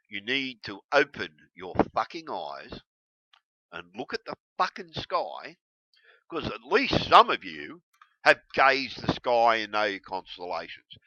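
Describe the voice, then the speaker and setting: A man ranting heatedly to camera, swearing constantly and breaking into yelled bursts. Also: lowish voice, no room sound. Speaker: video blogger. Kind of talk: angry profane rant to camera. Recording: dull lo-fi recording.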